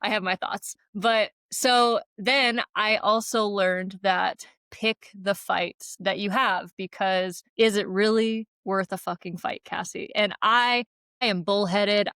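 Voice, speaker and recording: A woman's voice: medium pitch, steady tone, slow pace, a bit bright, smooth, no room sound. A woman co-hosting a casual podcast who talks bluntly and swears freely, spinning stories in emphatic run-on bursts. She laughs often, punctuating with "like" and "right?". Her voice sounds dry and close, with little room around it. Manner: blunt and profane, storytelling with frequent laughs. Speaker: podcast co-host.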